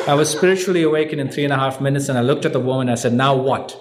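An older man telling a humorous personal story at a recovery meeting, wry and self-mocking, with deadpan punchlines. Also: medium pitch, racing, few pauses, crowd noise. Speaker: speaker sharing his story at a recovery meeting. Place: meeting hall with a live audience. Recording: echoey hall, faint background hum.

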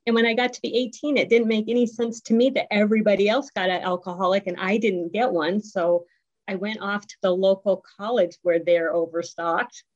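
Middle-aged woman, recovery group speaker, heartfelt testimony, halting with ums, mid-pitched, dull lo-fi recording. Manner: heartfelt, conversational, many ums and pauses. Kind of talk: personal testimony share.

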